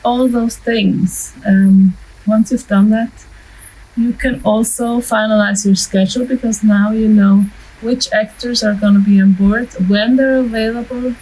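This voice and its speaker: A woman's voice: on the high side, steady tone, a little slow, dark tone, breathy edge, poor audio. A woman explaining short-film pre-production in a casual, practical way, with light laughs and filler ums. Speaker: filmmaking instructor. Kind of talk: casual instructional talk to camera.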